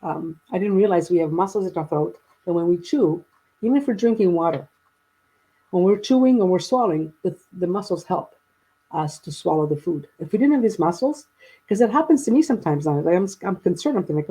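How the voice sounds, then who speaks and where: Woman in her fifties, guest, rambling storyteller; husky tone, restarts often. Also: on the low side, expressive, fairly quick, dark tone, low-quality recording. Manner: rambling, with many restarts and quoted dialogue. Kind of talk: personal storytelling in a conversation.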